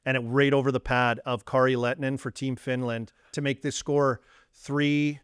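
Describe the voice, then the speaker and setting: A man's voice: mid-range voice, normal speed, smooth, no room sound, studio quality. A Canadian man in his forties, a former hockey player, telling stories in a casual chat and acting out the dialogue. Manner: animated storyteller, acts out quoted dialogue.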